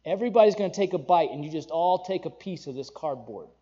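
A man preaching a conversational sermon, animated, with asides to the congregation and playful acted-out quotes. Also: on the high side, fast talker, breathy edge, highs cut off. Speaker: pastor.

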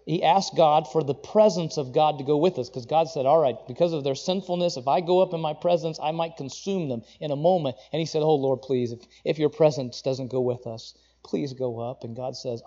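Muffled preacher man, mellow voice. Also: a little high. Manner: conversational, self-correcting, rises into emphatic scripture quotes. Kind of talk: sermon.

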